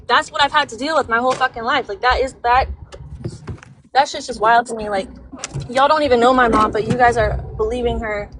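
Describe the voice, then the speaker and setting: A woman's voice: fairly high pitch, fairly even intonation, fairly quick. A woman venting on a livestream, rambling and emphatic, heavy with swearing. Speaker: livestream guest. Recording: noisy background.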